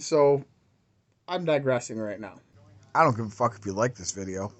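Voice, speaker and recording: A man's voice: mid-range voice, a little fast. Foul-mouthed man ranting into camera. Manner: swears constantly, rambling and heated. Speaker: crypto YouTuber. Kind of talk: profane ranting vlog.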